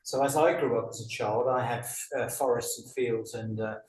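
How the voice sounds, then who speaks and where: A man in his sixties with a London accent, a guest telling his life story in a relaxed, dryly humorous way. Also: mid-range voice, moderate pace. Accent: London English. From England. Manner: dry self-mocking humour, chatty. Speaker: guest career coach. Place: indoor room, on a couch. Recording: roomy echo, faint ambience.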